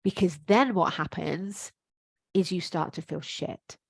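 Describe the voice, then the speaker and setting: A woman's voice: on the low side, a little slow, vocal fry, breathy edge, dry recording. A middle-aged woman, a life coach, giving a frank, emphatic motivational talk to camera with some casual swearing.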